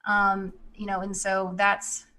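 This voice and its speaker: A woman who works as a psychic medium talks in a loose, rambling way. She leans on "you know" and restarts her sentences often. Her voice sits at an ordinary middle pitch. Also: monotone, slow, sharp tone. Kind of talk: casual spiritual talk.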